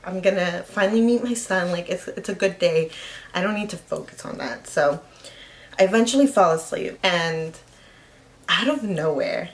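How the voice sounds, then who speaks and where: A woman's voice: on the low side, normal speed. A woman telling a personal story in a casual vlog, rambling, with lots of "like" fillers. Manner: rambling, heavy use of "like" fillers. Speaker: vlogger.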